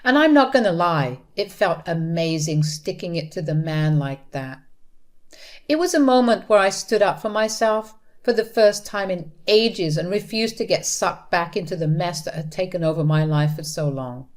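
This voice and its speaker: A woman's voice: fairly low pitch, animated, normal speed, darkish tone. A woman narrating a first-person story in a bitter, blunt manner.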